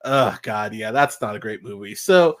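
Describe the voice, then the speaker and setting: A man's voice: fairly low pitch, animated, moderate pace. Rambling, cussing podcast man. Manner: rambling, heavy fillers and restarts, frequent swearing; mocking voices when quoting others. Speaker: podcast host. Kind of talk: casual solo movie commentary.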